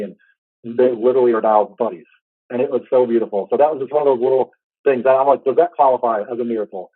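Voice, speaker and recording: A man in his thirties telling a heartfelt personal story in a casual, halting way, full of restarts. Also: mid-range voice, fairly even intonation, dry recording, narrow, tinny audio. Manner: fast, halting, with many restarts and fillers; earnest, heartfelt. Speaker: podcast host.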